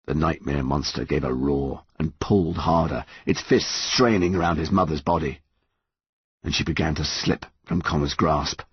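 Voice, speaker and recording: A man's voice: rumbling low, normal speed, husky, no room sound, lo-fi sound. A man narrating an audiobook in a dramatic, tense reading. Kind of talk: scripted narration.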